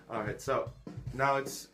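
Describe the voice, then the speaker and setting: A man's voice: mid-range voice, fairly even intonation, extremely slow, bright, forceful tone, soft background music. A man giving a casual how-to walkthrough of his own workflow, thinking aloud with many fillers and restarts, recorded on a phone. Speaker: music producer showing his workflow.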